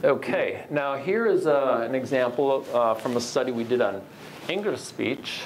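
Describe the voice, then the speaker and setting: A man giving an academic lecture with slides, measured and explanatory, with frequent "uh" fillers. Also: medium pitch, lively intonation, a little hiss or hum, low-quality recording.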